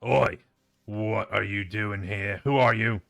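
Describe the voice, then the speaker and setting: Guy doing a gruff bugbear boss voice, blustery, slow and low. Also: fairly even intonation, a bit bright, faint music behind, heavily acted. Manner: blustering, defensive boasts. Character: gruff brutish male bugbear, castle leader.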